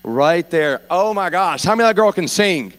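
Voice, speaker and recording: A man preaching a sermon, telling stories in a rambling, animated way that rises to fervent preaching. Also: high-pitched, moderate pace. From North Louisiana. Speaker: pastor and hospice chaplain.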